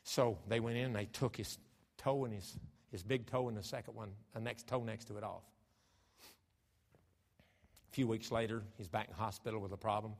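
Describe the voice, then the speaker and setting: A man with an American accent, a pastor preaching a sermon emphatically, moving from hushed storytelling to raised, fervent delivery. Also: on the low side, steady tone, moderate pace, creaky, long pauses. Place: church sanctuary. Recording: church hall reverb.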